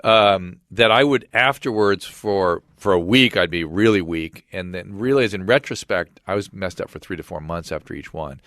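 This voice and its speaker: A middle-aged physician who hosts a podcast tells a personal story in casual conversation, briskly and animatedly acting out the voices of the people involved with quoted dialogue. His voice is low, and the studio-quality recording has no echo.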